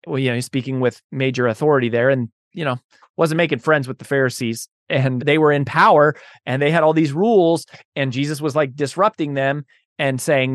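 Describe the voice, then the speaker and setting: A Bible study host with a slightly high, steady voice talks at normal speed in a clean studio recording with no room sound. His casual teaching is chatty and packed with fillers like "you know" and "right?", and he gets louder and more emphatic when preaching about love.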